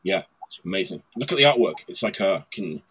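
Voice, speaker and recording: Fairly quick and fairly bright in tone, his low-pitched voice is slightly rough, with lively intonation. He's a host presenting punk vinyl picks over a casual video call, enthusiastic and rambling, laughing frequently and using many fillers.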